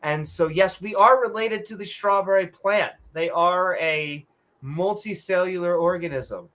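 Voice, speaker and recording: A woman's voice: fairly low pitch, measured pace, fairly bright tone. A woman co-hosting a podcast, ranting bluntly and sarcastically in casual chat and swearing freely. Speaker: podcast co-host.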